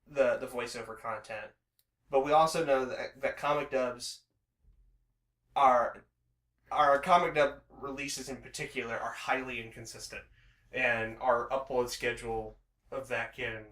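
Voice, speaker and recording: Guy rambling on a podcast, lots of "like"s, bright edgy voice, roomy echo. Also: medium pitch, steady tone, a little slow. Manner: rambling, many restarts and "like" fillers. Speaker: podcast co-host. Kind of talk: casual chat.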